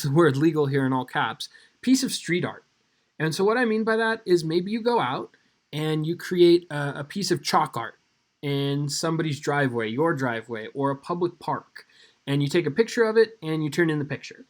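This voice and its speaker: A male teacher in his thirties walks students through an assignment in a recorded video lesson. His voice sits a little high for a man, and he keeps the delivery casual and upbeat, speaking straight to the class.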